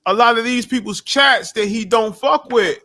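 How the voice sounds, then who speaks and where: A man's voice: very high voice, moderate pace, pushed and bright. A man chatting casually as a guest creator, talking emphatically with lots of profanity, repeating himself and restarting his sentences. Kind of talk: casual chat.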